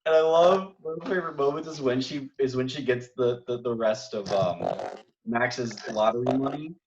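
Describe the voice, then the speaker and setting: A man's voice: medium pitch, moderate pace, highs cut off, slight background noise. A man co-hosting a casual film podcast, rambling enthusiastically with lots of fillers. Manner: enthusiastic, rambling with many likes. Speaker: podcast co-host. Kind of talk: casual chat.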